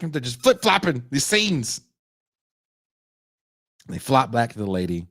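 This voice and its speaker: Low-voiced guy in his 40s on a podcast, swearing and hamming it up while retelling a movie, dry close sound. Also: fairly quick, no room sound. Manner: animated, profane storytelling that acts out quoted lines. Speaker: podcast host. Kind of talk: casual chat, retelling a movie.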